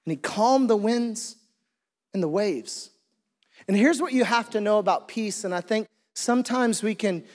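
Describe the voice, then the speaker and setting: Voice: medium pitch, darkish tone. A pastor preaching an earnest sermon, often repeating and restarting phrases for emphasis. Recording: long hall reverb.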